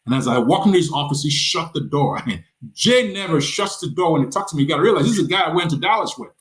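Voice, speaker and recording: A man's voice: fairly high pitch, lively intonation, fast, fairly bright tone, poor audio. A man from Nigeria, a podcast guest telling his own story in earnest and often repeating words as he goes. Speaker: podcast guest, nonprofit founder. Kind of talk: personal storytelling in a conversation.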